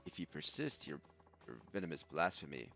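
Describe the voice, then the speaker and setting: A man voicing a calm, formal cult member with a coldly menacing manner. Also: a bass voice, gravelly, pitched below the performer's own voice, exaggerated voice. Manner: formal, cold, measured. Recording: dull lo-fi audio with game music.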